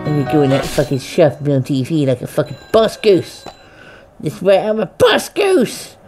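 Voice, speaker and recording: A woman's voice: low voice, huge pitch swings, normal speed, over music. A woman giving let's play commentary, swearing and taunting the game's characters as she speaks as the goose herself. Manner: foul-mouthed, taunting, role-playing as the goose in first person. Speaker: gamer.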